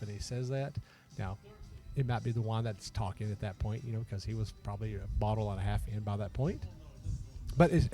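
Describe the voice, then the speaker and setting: A man hosting a podcast, telling stories in a relaxed, chatty way and laughing often. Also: mid-range voice. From Texas. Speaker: podcast host. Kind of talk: casual chat.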